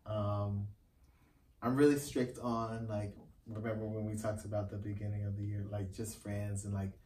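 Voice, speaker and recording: A man co-hosting a casual chat show, talking in a relaxed way with lots of filler words. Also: lowish voice, moderate pace. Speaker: podcast co-host. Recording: echoey room, mic at a distance, faint ambient noise.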